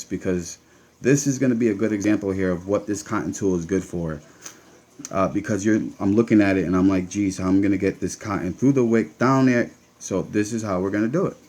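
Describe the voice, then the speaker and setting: A man's voice: fairly low pitch, a little mellow. Chatty man with a Connecticut accent. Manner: chatty, talks to viewers while working. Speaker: vape channel host. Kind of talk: casual hands-on demo.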